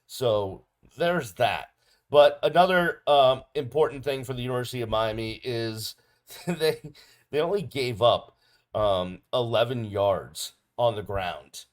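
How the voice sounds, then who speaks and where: A man's voice: mid-range voice, a little slow. A middle-aged man hosting a podcast, giving a casual solo game recap with plenty of ums and uhs. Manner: casual, relaxed delivery with frequent ums and uhs. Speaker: podcast host. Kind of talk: solo sports recap video.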